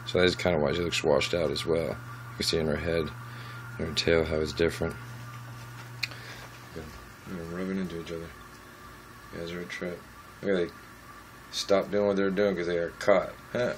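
A man talking casually about his lizards at home, softly cooing to them as he handles them on a handheld camera. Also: deep voice, flat delivery, moderate pace, long pauses, a little hiss or hum, poor audio. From United States. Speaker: reptile keeper. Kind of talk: casual vlog with pet updates. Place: at home among reptile enclosures.

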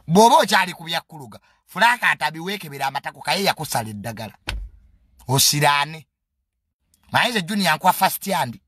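A man's voice: a little high, sharp tone, husky, no echo, clean studio sound. A man with a Ugandan accent giving a casual, comedic monologue in a mocking, boastful tone and mixing English phrases into his talk.

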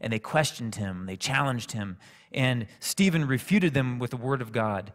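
A man preaching a sermon, telling a personal story in a calm, conversational way. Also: medium pitch, normal speed. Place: church sanctuary. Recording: echoey church hall reverb.

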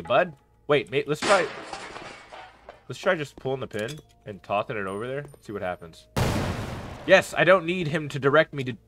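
A man giving playthrough commentary on a horror game, reacting with excited yelps and shouts. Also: mid-range voice. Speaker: gaming YouTuber.

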